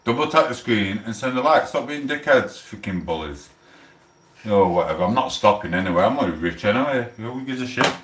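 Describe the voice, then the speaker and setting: A man with a Sheffield accent, chatting casually on a live stream, rambling and swearing with loud outbursts. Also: lowish voice, expressive, brisk, roomy sound, recorded from a distance, a little hiss or hum. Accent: Sheffield, South Yorkshire. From England.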